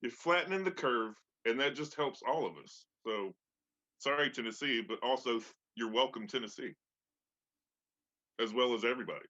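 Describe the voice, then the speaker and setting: A man arguing his side in a comic debate in a mock-serious, deliberate way. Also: medium pitch, bright, forceful tone. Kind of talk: casual comic argument. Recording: dull lo-fi mic.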